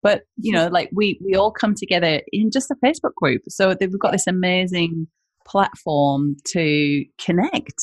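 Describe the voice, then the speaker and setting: A woman with an Australian accent, a business founder, speaks in a lowish voice at a moderate pace on a dry recording. Appearing as a guest in a casual podcast interview, she rambles chattily, filling her speech with "you know, like."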